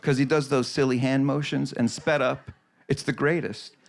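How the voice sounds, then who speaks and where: A man's voice: medium pitch, steady tone, normal speed, creaky. A male stand-up comedian delivering wry, conversational political jokes. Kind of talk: stand-up set.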